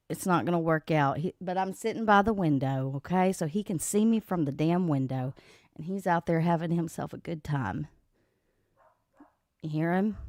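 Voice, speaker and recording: This livestream host talks casually from her home beside an open back door, welcoming viewers by name as she chats. Her voice is mid-range, and the dry recording through her desk microphone has studio quality.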